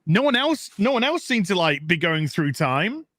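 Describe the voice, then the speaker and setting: A man's voice: high voice, very animated, normal speed, a bit bright, no room sound. A man in casual chat as a podcast co-host, frank and opinionated, swearing freely. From England.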